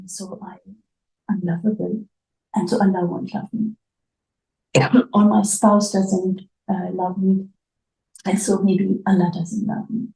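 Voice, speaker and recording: A woman giving a reflective spiritual talk, emotional and tearful, her voice soft and at times dropping to near whispers. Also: medium pitch, creaky, roomy sound, poor audio. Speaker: spiritual art therapy host.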